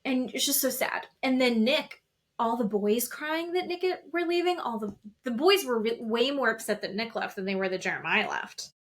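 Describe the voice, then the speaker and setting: A woman's voice: a little high, animated, moderate pace. A woman co-hosting a podcast, chatting casually and retelling reality TV scenes with lots of quoted asides. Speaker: podcast co-host. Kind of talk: casual chat. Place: office.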